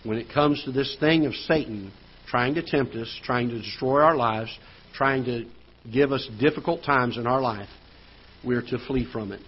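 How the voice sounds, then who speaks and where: A male pastor delivering a sermon in a church auditorium, earnest, pressing points, then dropping quiet. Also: mid-range voice, moderate pace, husky, highs cut off. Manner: earnest preaching with rising emphasis and quiet drops.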